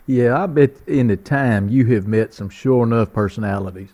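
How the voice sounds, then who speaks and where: A man's voice: mid-range voice, normal speed, mellow. A man with a North Louisiana accent, hosting a casual chat and telling stories with plenty of laughter. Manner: chatty, laughing storyteller.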